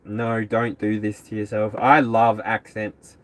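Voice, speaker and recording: A man's voice: lowish voice, completely flat delivery, a little slow, few pauses. A man hosting a live tarot reading stream, chatting casually with viewers, rambling and laughing often. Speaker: tarot reader.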